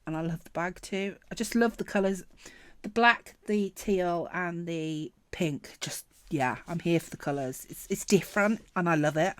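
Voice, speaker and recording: A woman chatting casually through a planner sticker unboxing, gushing and excitable, often trailing off mid-sentence. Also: fairly low pitch, normal speed, smooth, no echo. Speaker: planner vlogger.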